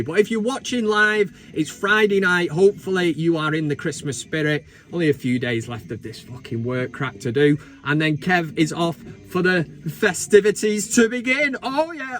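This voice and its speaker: Sweary high-voiced man ranting. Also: a bit bright. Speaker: football fan channel host. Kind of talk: casual live vlog chat. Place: inside a van.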